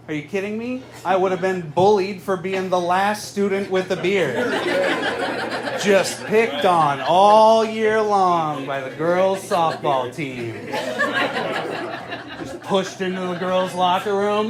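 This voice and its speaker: Male comic in his thirties, high voice, dry self-mocking stand-up, live room with noisy ambience. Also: unhurried. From Southern California. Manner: deadpan, self-mocking delivery. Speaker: stand-up comedian. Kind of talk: stand-up comedy set. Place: live comedy venue with audience. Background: audience laughter.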